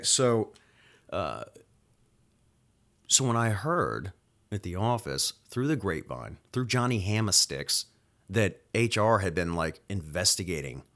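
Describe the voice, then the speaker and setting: Male nurse hosting a solo podcast rant: angry, cocky, sweary, talks in rapid bursts. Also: lowish voice, fairly bright tone. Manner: angry, profane, rapid-fire venting.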